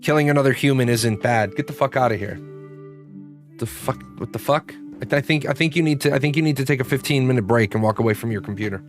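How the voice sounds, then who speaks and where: A fast-talking man in his forties with a medium-pitched voice hosts a live stream. He answers chat bluntly, profanely and in a rambling way, with faint guitar music in the background.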